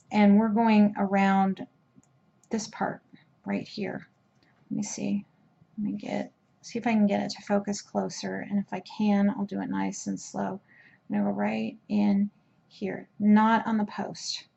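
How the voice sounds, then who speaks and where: A woman in a relaxed crochet tutorial explains each step as she works, often pausing with fillers and restarting her sentences. Her voice sits at an ordinary middle pitch. The sound is a bit dull and lo-fi, like a simple home camera recording. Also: vocal fry. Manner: chatty, hesitant with fillers and restarts. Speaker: crochet instructor.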